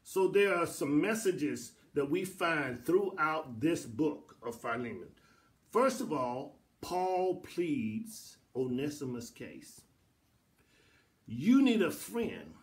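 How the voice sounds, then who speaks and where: Middle-aged preacher guy teaching bible study, kinda high voice, repeats himself and builds up to big emphatic lines. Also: animated, slow. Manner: preacherly, repetitive cadence, rising to emphatic peaks. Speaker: pastor. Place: church sanctuary.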